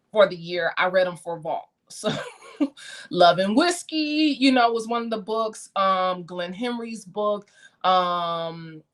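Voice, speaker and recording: A woman hosting a casual livestream, talking about books she read in a chatty, animated way. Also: lowish voice. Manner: chatty, animated, laughs often. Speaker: host.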